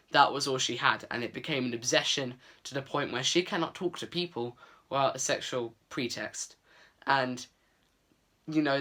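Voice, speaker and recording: A man's voice: mid-range voice, bright, forceful tone. A man giving a casual, earnest book review vlog, chatty with many fillers.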